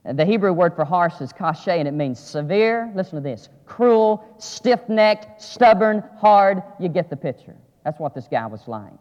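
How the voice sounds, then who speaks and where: A man preaching a sermon, dropping to quiet asides and rising to loud, emphatic climaxes. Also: lively intonation, brisk, hardly any pauses. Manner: swings from low asides to shouted climaxes. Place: church sanctuary. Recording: lo-fi audio with long church reverb.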